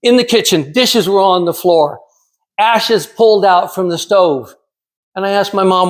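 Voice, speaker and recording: Man in his sixties, fairly high voice, measured, dramatic delivery, prepared speech. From California. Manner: measured, dramatic storytelling with pauses. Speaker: club speaker.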